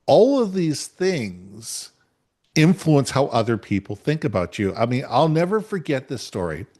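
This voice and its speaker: A middle-aged man co-hosting a podcast, telling a workplace story in an emphatic, animated way. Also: mid-range voice, unhurried. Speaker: podcast co-host. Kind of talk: conversational storytelling.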